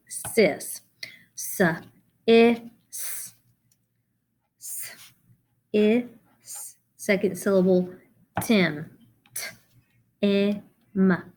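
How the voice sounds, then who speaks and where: With a medium-pitched voice, a middle-aged woman teaches a children's phonics lesson, slowly and deliberately spelling out letters and syllables.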